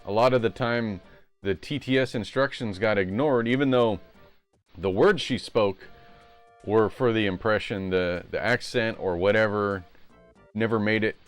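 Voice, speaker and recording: A man's voice: on the low side, clear, resonant tone. A man live-streaming retro games, chatting casually and rambling as he plays at home. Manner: rambling, self-correcting.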